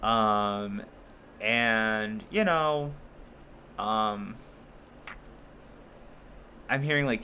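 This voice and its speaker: A man's voice: lowish voice, steady tone, extremely slow, pauses often, pushed and bright, slight background noise. A man giving a casual tarot reading, chatty and rambling, with many fillers and frequent laughs. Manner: playful put-on voices for zodiac signs. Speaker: tarot reader.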